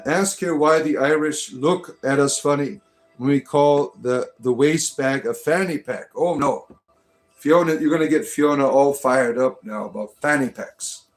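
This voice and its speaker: A man's voice: medium pitch, unhurried, faint music behind. A man hosting a live stream, reading viewers' comments aloud in a casual, rambling and joking way, with many restarts, from the United States. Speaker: livestream host reading chat comments.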